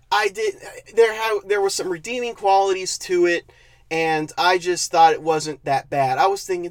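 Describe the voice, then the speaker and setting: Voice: mid-range voice, no echo. A movie reviewer giving a casual spoken review, ranting with exasperation and sarcasm, often laughing and stumbling over restarts. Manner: frequent laughs and stammered restarts.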